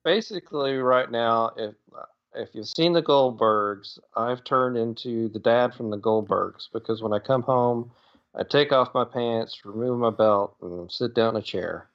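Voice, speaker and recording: A man chats on a podcast from a line that sounds dull and lo-fi, lying down as he talks. His humor is dry and self-mocking, and his pitch is an even middle. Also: measured pace. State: lying down after surgery. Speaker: podcast co-host. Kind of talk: casual chat.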